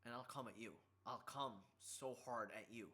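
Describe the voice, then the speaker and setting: A man streaming, chatting casually in a teasing, boisterous way and prone to shouting. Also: mid-range voice, steady tone, moderate pace. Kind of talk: casual chat.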